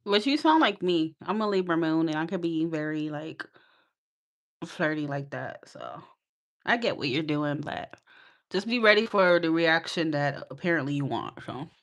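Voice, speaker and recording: A woman's voice: deep voice, animated, normal speed. A woman giving a casual live tarot reading, sassy and teasing, scolding her viewers and laughing often. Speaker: tarot reader.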